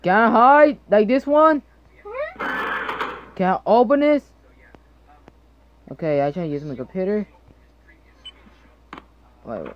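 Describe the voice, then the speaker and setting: A woman's voice: medium pitch, big pitch swings, a little slow, pauses often, lo-fi sound, a little hiss or hum. A young woman playing a horror game, swearing and screaming whenever something startles her. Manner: jumpy, swears and screams at scares. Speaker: gamer.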